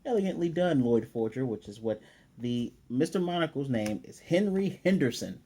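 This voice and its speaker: A man's voice: medium pitch, animated, moderate pace, warm tone. A man casually recapping and reviewing an anime episode, chatty and opinionated, with frequent fillers.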